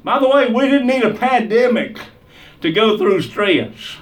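A man's voice: very high-pitched, lively intonation, measured pace, distant mic. A man preaching a sermon with an emphatic, repetitive cadence.

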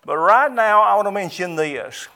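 A man's voice: sits high, lively intonation, normal speed, bright, forceful tone. A middle-aged man preaching a sermon as pastor, emphatic and repetitive, stressing key words.

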